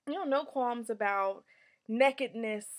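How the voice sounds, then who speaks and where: A woman's voice: a little high, measured pace. A woman giving a casual vlog review as a travel reviewer, chatty, candid and playful, with frequent fillers.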